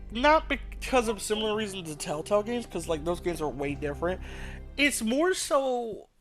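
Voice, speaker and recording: A man's voice: fairly high pitch, fairly bright tone. A man hosting a let's play, rambling casually and thinking aloud, with the odd swear. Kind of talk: rambling gameplay commentary.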